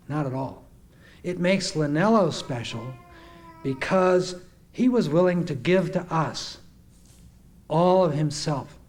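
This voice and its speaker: A man's voice: high-pitched, slight background noise. A man giving a heartfelt spoken tribute to a gathering, earnest and reminiscing. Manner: earnest, reminiscing, acts out quoted speech. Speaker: speaker giving a testimonial.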